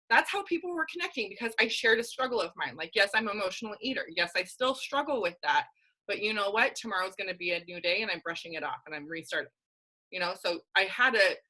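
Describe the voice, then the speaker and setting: A woman's voice: medium pitch, sharp tone, low-quality recording. A young adult woman coach giving a candid, emphatic motivational talk on a team video call, full of casual slang. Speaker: guest speaker, fitness coach.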